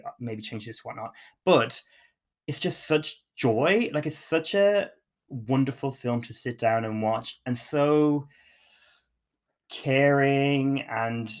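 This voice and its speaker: A man co-hosting a podcast, chatting casually and enthusiastically about films, rambling with frequent restarts. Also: medium pitch. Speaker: podcast co-host. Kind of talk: casual film chat.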